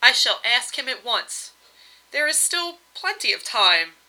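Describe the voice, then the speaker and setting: A woman's voice: a little high, very animated, a little slow, sharp tone, pitched above the performer's own voice, full character voice, poor audio. A woman reading aloud, voicing a mighty but meek husband who answers apologetically and eagerly. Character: mighty wind-lord husband, meek and hasty.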